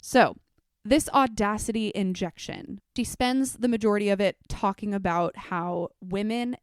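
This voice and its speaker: Candid young woman host, smooth voice, dry close mic, reflective and chatty. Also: mid-range voice, measured pace, dry recording. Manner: candid, reflective, with frequent fillers. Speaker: podcast host; teacher. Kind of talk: casual solo podcast talk.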